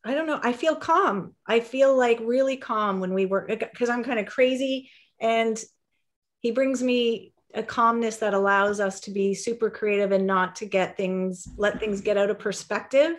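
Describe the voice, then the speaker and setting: A woman speaking as an interview guest, lively and quick with laughing asides. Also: fairly high pitch. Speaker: guest, copywriter. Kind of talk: casual interview.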